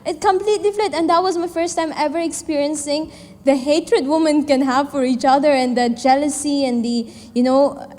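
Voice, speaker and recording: A woman's voice: high voice, fairly even intonation, moderate pace, darkish tone. Young woman speaking in an echoing hall. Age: 20s. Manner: candid, chatty, many fillers, acts out quoted dialogue. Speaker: startup founder and event speaker. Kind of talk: personal story speech to an audience. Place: event hall. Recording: long hall reverb.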